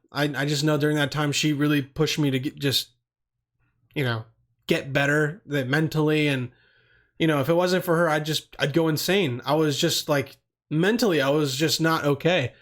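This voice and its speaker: A man's voice: a little high, fairly bright tone. A young man hosting a podcast on his own, rambling in loose, profane casual talk full of slang. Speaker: podcast host.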